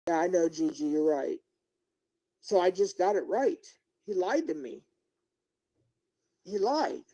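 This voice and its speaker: A man's voice: high-pitched, animated, a little slow, mellow, rough recording. A middle-aged man live-streaming as a YouTuber, ranting indignantly and talking straight to his viewers and chat. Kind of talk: unscripted livestream rant.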